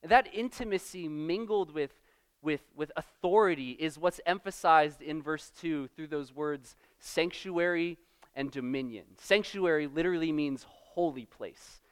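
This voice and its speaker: An earnest young man delivers a sermon with emphatic, building conviction, sometimes restarting mid-phrase. His voice sits fairly high and sounds smooth and resonant. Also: a little slow. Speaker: preacher.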